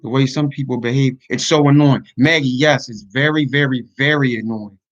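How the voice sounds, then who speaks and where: A man's voice: medium pitch, fairly even intonation, normal speed, highs cut off. A man talking earnestly to his online community in a casual livestream, venting his frustrations. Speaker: YouTuber and podcaster.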